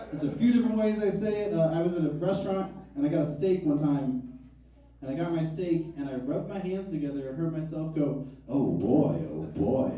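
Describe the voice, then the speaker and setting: A man's voice: a little high, warm tone. A stand-up comedian in his thirties telling wry, self-mocking stories on a comedy club stage. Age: 30s. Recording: echoey club, mic from far off.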